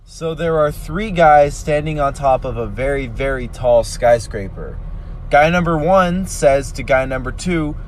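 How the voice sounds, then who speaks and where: A man's voice: mid-range voice, expressive, a little slow, slight background noise. A man telling a joke in a casual, storytelling way, building up to the punchline.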